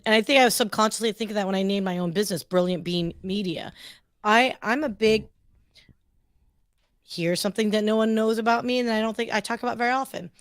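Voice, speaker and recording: A woman's voice: medium pitch, clear, resonant tone, no room sound, studio quality. Chatty upbeat woman host. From United States. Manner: chatty, upbeat, lots of fillers. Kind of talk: casual chat.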